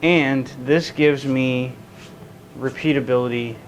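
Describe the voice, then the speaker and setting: A guitar builder takes it slowly in a mid-range voice with fairly even intonation while hosting a casual vlog in his woodworking shop. He rambles, keeps restarting and entertains himself with a made-up silly accent. The recording is rough, with a bit of hiss or hum.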